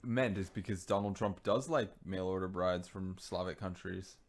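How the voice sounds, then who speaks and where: A man's voice: deep voice, moderate pace. A man co-hosting a podcast in casual banter, sarcastic and profane, sometimes breaking into a rant. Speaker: podcast co-host.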